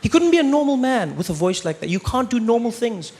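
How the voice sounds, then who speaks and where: South African male comic, dry ironic stand-up delivery, voice sits a touch high. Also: fairly quick, few pauses, slight background noise. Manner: deadpan, ironic, with playful asides. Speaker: stand-up comedian. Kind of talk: stand-up comedy. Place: large theatre stage.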